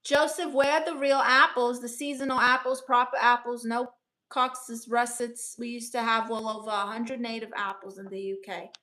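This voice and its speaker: A woman's voice: a little high, level tone, normal speed, sharp tone. A woman comedian hosting a casual live stream as a brash aunt, reading viewer comments and giving blunt, teasing advice. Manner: blunt, teasing, playfully sassy.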